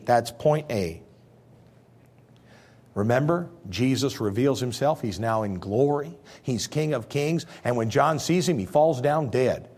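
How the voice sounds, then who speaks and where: A man preaching a sermon as pastor, telling stories with sudden swings from loud to hushed. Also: on the high side.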